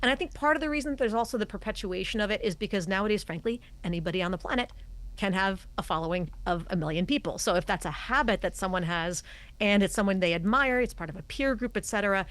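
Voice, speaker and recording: A woman's voice: medium pitch, lively intonation, quick pace, a bit bright. A middle-aged woman, a communication coach, who explains her points emphatically and acts out voice habits as examples during a podcast interview. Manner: emphatic, demonstrates voice habits as she talks.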